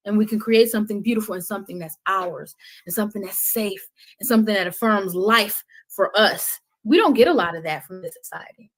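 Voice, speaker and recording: Passionate middle-aged woman guest, slightly high voice, preachy, swings loud to soft. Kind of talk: passionate podcast conversation.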